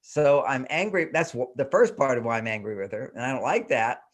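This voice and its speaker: A man's voice: mid-range voice, a little fast. An older man, a guest on a talk show, explaining in earnest tones. He asks himself question after question and acts out the inner voices as he goes. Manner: self-questioning with repeated rhetorical questions. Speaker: guest relationship expert.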